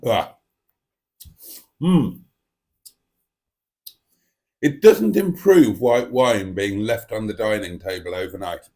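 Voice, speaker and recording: A man's voice: fairly low pitch, animated, takes it slowly, pauses often, darkish tone. A man hosting a casual live stream from his dining table, speaking into a desk microphone in a rambling, self-mocking, theatrical way. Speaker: livestream host. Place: home dining room.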